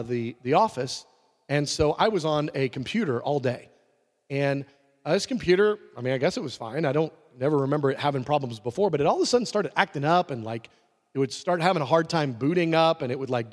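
Male pastor preaching, kinda high voice, big lively swings, echoey church hall. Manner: animated storytelling, shouting at peaks. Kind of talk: sermon.

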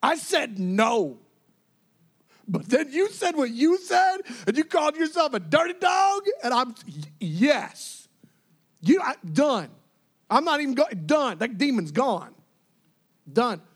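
A man preaching, voicing an astonished, delighted Jesus in an emphatic, near-shouting voice. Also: very high voice, big pitch swings, takes it slowly, pauses often, husky, pitched above the performer's own voice, full character voice. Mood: amazed.

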